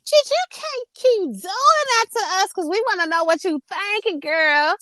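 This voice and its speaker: A woman's voice: very high-pitched, normal speed, sharp tone, no room sound. A woman co-hosting a call-in show, chiming in and affirming the host. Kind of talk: casual call-in chat.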